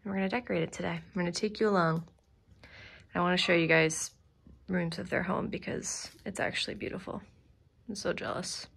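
A woman's voice: on the low side, fairly even intonation, a little fast, creaky, a bit bright, husky. A young woman from Syracuse, New York, chatting in an upbeat, casual vlog at her parents' house on a handheld camera. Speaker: vlogger.

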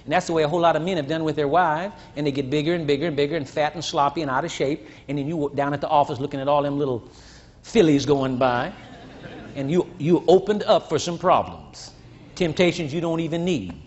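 An older man preaching a sermon to a congregation, teasing and blunt, rising to shouts and dropping low. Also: quick pace, a little hiss or hum. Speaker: pastor. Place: church. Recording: dull lo-fi church recording, faint crowd.

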